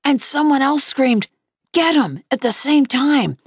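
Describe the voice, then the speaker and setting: A woman reading a novel aloud, lifting her pitch slightly for the characters' lines. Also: unhurried, dry recording, clean studio sound. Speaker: audiobook reader.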